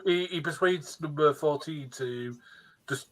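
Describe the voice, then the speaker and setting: A man's voice: a little high, unhurried. A man co-hosting a casual review podcast, eager and stumbling, often repeating his words as he talks. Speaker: podcast co-host.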